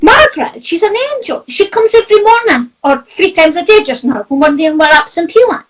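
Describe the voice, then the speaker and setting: A woman's voice: very high voice, expressive, brisk, poor audio. A Scottish woman, a spiritual medium, chatting casually and animatedly, laughing often. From Scotland. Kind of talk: casual chat.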